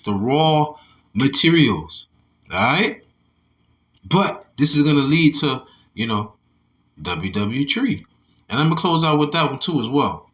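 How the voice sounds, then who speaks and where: With a medium-pitched, sharp voice, this man, a religious commentator who's a little tipsy, delivers a casual, cursing scripture lesson. He reads articles out loud and answers back to his audience.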